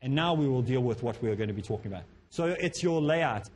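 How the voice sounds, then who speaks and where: A South African man with a medium-pitched voice talks fast as he lectures students on public speaking. His delivery is lively, and he acts out the speakers he quotes.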